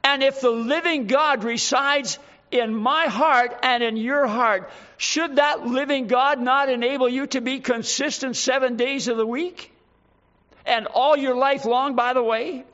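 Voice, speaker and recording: A male preacher with a strikingly high voice delivers an emphatic sermon, driving home each point with rhetorical questions. The recording sounds dull and lo-fi. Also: steady tone, measured pace, pushed and bright.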